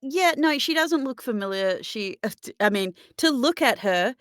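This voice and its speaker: A woman running a tabletop game as game master, playful and quick to laugh. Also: fairly high pitch, lively intonation, clean tone, no echo, clean studio sound.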